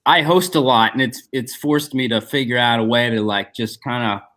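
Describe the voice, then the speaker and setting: A man comedian guesting on a podcast, his voice sitting at a middle pitch. He tells stories animatedly and backs up to restart sentences. The delivery is loose and conversational. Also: normal speed. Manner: animated, storytelling, many restarts. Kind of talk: casual chat.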